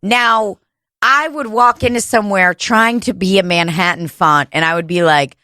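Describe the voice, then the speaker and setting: A woman's voice: medium pitch, moderate pace, pushed and bright, no room sound, studio quality. A woman co-hosting a comedy podcast, rambling crudely and laughing often. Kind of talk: casual comedic chat. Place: home room podcast setup.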